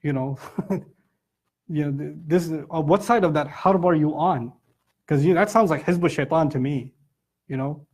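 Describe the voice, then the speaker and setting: A man's voice: fairly high pitch, moderate pace, long pauses, slightly rough. A middle-aged man giving a Quran commentary lecture, telling stories and acting out the people he quotes. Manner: animated storytelling, acts out quotes. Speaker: Islamic lecturer.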